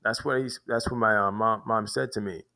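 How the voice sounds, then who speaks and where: A man's voice: on the low side, steady tone, a little fast, vocal fry, bright, forceful tone. A man telling a long personal story in a rambling way, restarting and repeating words often. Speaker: vlogger. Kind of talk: casual storytelling monologue.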